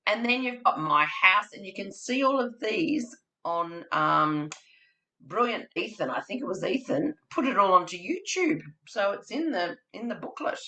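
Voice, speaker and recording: A woman's voice: mid-range voice, expressive, moderate pace, sharp tone, muffled recording. A woman presenting a webinar for childcare educators, demonstrating storytelling with props and acting out story voices and sounds. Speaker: webinar presenter for family day care educators.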